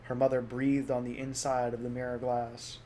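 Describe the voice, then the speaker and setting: A man narrating a storybook aloud in a soft, measured reading voice. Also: mid-range voice, flat delivery, a little hiss or hum. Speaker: audiobook reader.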